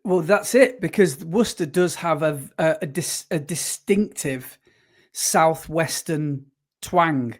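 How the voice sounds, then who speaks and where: A man's voice: on the high side, slow pace. Rambling man. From West Midlands, England. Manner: rambling, stop-start, corrects himself often. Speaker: podcast co-host. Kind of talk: casual chat.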